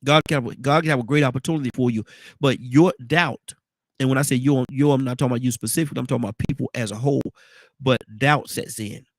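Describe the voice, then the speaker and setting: A man's voice: mid-range voice, fast, no room sound. A man hosting a casual morning talk show, congested and rambling, often repeating words. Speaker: radio talk show host.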